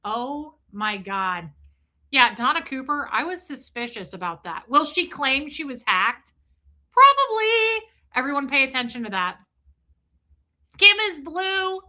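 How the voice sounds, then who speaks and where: Middle-aged woman streamer, brash and animated, bright cutting tone. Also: high voice, unhurried. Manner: profane, animated, acts out quotes. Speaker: livestream host. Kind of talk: gossip commentary livestream.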